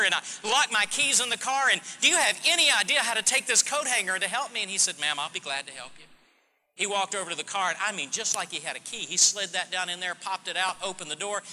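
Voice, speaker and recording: Male preacher, high bright tense voice, storytelling sermon, long church reverb. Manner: storytelling preacher, shifts from hushed to emphatic.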